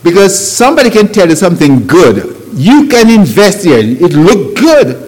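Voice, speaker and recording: A man's voice: high voice, sing-song, moderate pace, darkish tone, husky. A man preaching a sermon, with grammar, rhetorical questions and emphatic rising phrases. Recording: long hall reverb.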